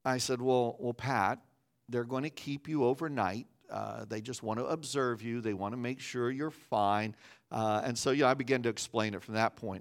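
A man's voice: mid-range voice, normal speed, fairly bright tone. A man preaching a sermon as a pastor, earnest, often repeating words as he builds his point.

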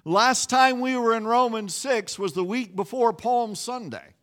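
A middle-aged male pastor delivering a sermon, telling a story with lively, self-mocking humor. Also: very high voice, measured pace.

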